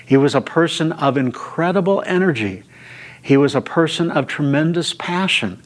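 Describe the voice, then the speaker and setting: A man teaching a Bible study, retelling scripture stories at an unhurried pace with frequent filler sounds. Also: fairly high pitch, lively intonation.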